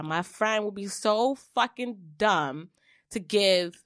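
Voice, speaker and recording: A young adult woman on a podcast, telling a personal story in blunt, swearing, animated casual chat. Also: mid-range voice, slow, no room sound, clean studio sound. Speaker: podcast co-host.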